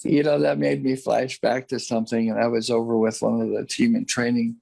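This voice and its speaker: A man as an interview guest, earnestly recounting a personal experience, halting and restarting often. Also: mid-range voice, little pitch movement, gravelly, warm tone.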